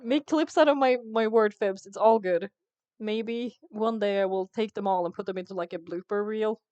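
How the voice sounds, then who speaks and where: A woman's voice: mid-range voice, normal speed, warm tone, clear, resonant tone, dry recording, dull audio. A young woman streaming a game, talking casually to her viewers in a chatty, giggly way. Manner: chatty, giggly, self-mocking. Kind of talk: casual gameplay commentary.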